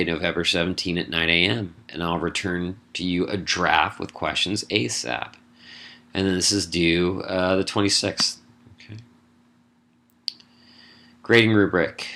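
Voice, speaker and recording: Deep-voiced man explaining an assignment. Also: pushed and bright. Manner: casual, wry asides, lists points briskly. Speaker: college English instructor. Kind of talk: recorded lecture explaining an assignment.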